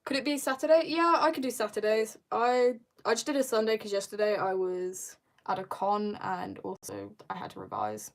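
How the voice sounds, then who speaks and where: A woman's voice: mid-range voice, expressive, moderate pace. Giggly teen girl streamer. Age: teens. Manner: rambling, self-mocking, giggly storytelling. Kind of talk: casual chat while drawing on a livestream.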